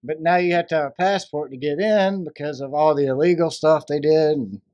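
A man's voice: on the high side, steady tone, brisk, darkish tone, no echo, highs cut off. A man co-hosting a podcast, joking and laughing in casual banter. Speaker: podcast co-host.

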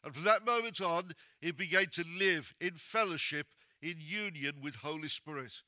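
High, bright-voiced male preacher. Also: no room sound. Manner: plain-spoken, direct exhortation to the congregation. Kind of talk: sermon.

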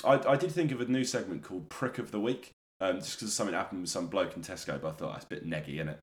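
A man's voice: deep voice, fast talker, reverberant. A young man with a London accent, co-hosting a casual podcast with sweary, laughing banter. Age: young adult. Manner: laughing, sweary, mock-solemn asides. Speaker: podcast co-host.

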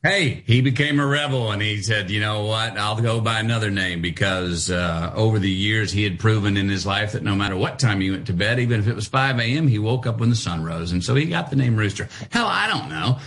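A man in his fifties telling animated childhood stories as a guest, acting out the voices of people in them. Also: fairly low pitch, a little fast, hardly any pauses. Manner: animated, acts out voices in anecdotes. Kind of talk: casual interview storytelling.

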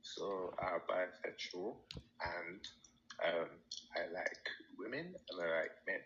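A man speaking quietly and hesitantly as a podcast guest. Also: low-pitched, slow, highs cut off. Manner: quiet, hesitant, soft-spoken. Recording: noisy line.

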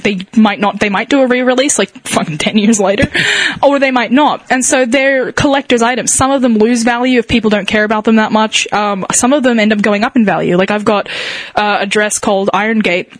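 Chatty husky woman. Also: mid-range voice, a little fast, no room sound. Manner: explains things at length, fillers and laughs. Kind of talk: casual chat.

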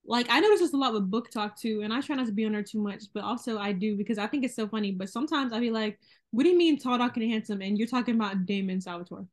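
A woman's voice: medium pitch, rapid-fire, hardly any pauses. A young woman hosting a podcast, talking in an emphatic, wry casual chat. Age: young adult. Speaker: podcast host.

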